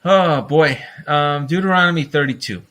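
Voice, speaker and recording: A man's voice: fairly high pitch, moderate pace, a bit bright. A man hosting a casual livestream, talking in a rambling, fired-up way, often breaking into laughter and calling his listeners folks. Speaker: livestream host.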